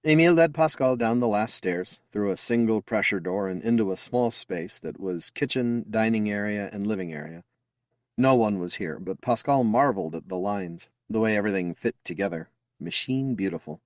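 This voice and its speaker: A man's voice: lowish voice, normal speed, no room sound, clean studio sound. A man reading a science fiction story aloud as an audiobook narrator, telling it expressively. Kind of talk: scripted narration.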